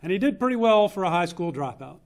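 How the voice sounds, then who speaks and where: A man in his fifties speaks at a memorial in a funeral chapel, his voice sitting a little high for a man. He tells old family stories earnestly, pausing to let each moment land. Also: very animated, darkish tone. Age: 50s. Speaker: eulogist, younger brother of the deceased. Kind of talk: memorial eulogy, personal storytelling.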